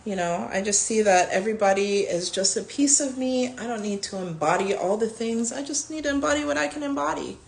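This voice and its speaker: Chatty woman with a gravelly edge. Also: a little high, expressive, fairly quick, few pauses. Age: around 40. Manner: chatty, candid, self-affirming. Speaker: vlogger. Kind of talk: casual spiritual vlog.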